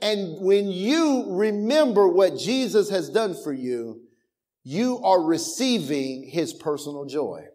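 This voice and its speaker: A man with a high-pitched voice preaches a lively sermon. He repeats phrases, restarts his sentences and gets his listeners to say lines back to him. Now and then he breaks into laughter or raises his voice to a shout. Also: slow pace. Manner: animated preaching with call-and-response, laughter and shouts; informal speech, restarts and repetitions. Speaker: pastor.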